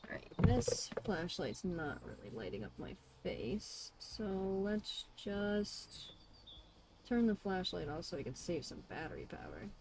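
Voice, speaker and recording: A woman's voice: lowish voice, sing-song, measured pace, vocal fry, noisy background. A woman streamer giving casual gameplay commentary, chatty and self-deprecating as she talks to her chat.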